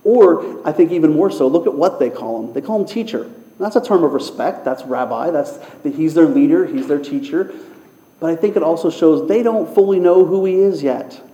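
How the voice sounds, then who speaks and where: Guy pastor preaching, earnest, says stuff twice, mellow tone, big echoey room. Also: fairly high pitch, moderate pace. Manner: earnest, repetitive preaching cadence. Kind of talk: sermon. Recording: echoey hall with long reverb.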